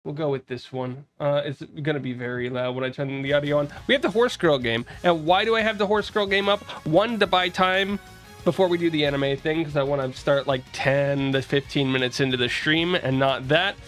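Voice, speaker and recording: A young male streamer from the East Coast of the US, chatting casually with his viewers and greeting them as their messages come in. His voice sits a little high for a man. Faint music plays behind him. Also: a little fast, a bit bright. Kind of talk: casual livestream chat.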